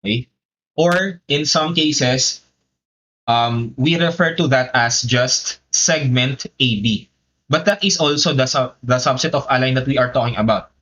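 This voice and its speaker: A man with a Filipino accent walks through a geometry lesson one step at a time, moving between English and Tagalog. His voice is bright and forward, and the stream audio comes across a little dull and lo-fi. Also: medium pitch, measured pace, a little hiss or hum. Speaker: teacher. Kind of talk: live online math lesson.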